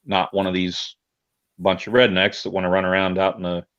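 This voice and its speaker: A man's voice: deep voice, level tone, brisk, fairly bright tone. A man with an Indiana accent, a guest on a video call, talking in a hesitant way with many ums and restarts. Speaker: guest, militia member. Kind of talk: casual interview over a video call. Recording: dull lo-fi call audio.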